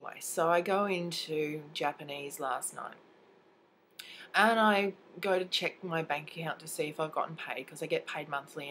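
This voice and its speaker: A woman's voice: deep voice, fairly bright tone, a little hiss or hum, rough recording. A young Australian woman with a cold, telling a story in an indignant, swearing casual rant to camera. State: has a cold.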